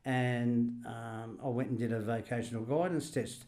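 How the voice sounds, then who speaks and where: A man's voice: mid-range voice, fairly even intonation, normal speed, a little mellow. A man in his sixties with an Australian accent, a retired greenskeeper chatting and telling funny stories from his working life. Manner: chatty anecdotes, laughs while telling them. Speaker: podcast guest, retired greenskeeper. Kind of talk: casual storytelling chat.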